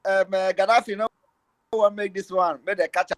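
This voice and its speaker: A Nigerian-accented man with a notably high voice, joking with friends on an online call. He repeats himself and stumbles over fillers while he teases them. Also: steady tone, normal speed, rough recording. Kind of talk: casual group chat in Nigerian Pidgin English.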